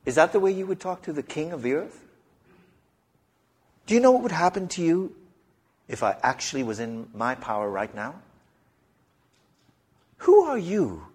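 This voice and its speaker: Animated, rambling preacher man in his fifties. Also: on the high side. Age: 50s. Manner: animated storyteller, rambling, self-mocking humor. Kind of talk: sermon.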